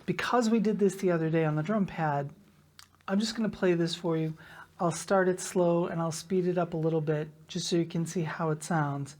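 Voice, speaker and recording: A woman's voice: on the low side, steady tone, moderate pace, darkish tone. A woman teaching a drum lesson, patiently counting rhythm patterns aloud in a sing-song way. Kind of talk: instructional lesson.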